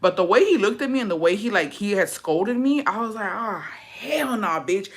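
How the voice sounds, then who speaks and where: Speaking quickly and animatedly at a medium pitch, this native English-speaking vlogger dishes out a casual storytime. She's sassy, brash and foul-mouthed, and she addresses her audience as her besties.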